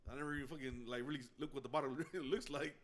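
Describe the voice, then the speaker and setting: A man's voice: medium pitch, fairly even intonation, rapid-fire, fairly bright tone, slight background noise. A man co-hosting a podcast, chatting casually, swearing often and laughing as he rambles through a story. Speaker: podcast co-host. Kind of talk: casual chat.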